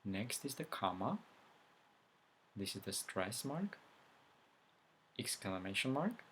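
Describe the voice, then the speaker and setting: Male teacher, lowish bright voice, very slow and careful delivery, beginner lesson. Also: very animated, a little hiss or hum. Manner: reads letters one by one, louder on each. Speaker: language teacher. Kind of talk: slow spoken language lesson.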